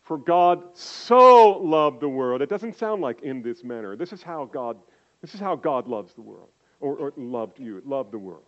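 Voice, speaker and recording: An older man preaching a sermon, slow and emphatic, swinging from loud declarations down to quiet, intimate asides. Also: medium pitch, lively intonation, highs cut off. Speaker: pastor.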